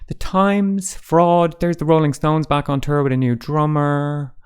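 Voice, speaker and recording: A man's voice: a little high, level tone, measured pace, clear, resonant tone. A man hosting a casual roundup of newspaper front pages, with dry, sarcastic asides. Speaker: host.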